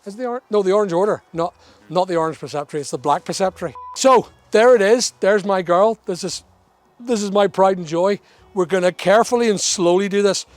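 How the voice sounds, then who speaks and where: A man renovating a property vlogs outdoors at the building site, chatting and explaining as he walks around and throwing in teasing asides. His voice is high-pitched and fairly quick.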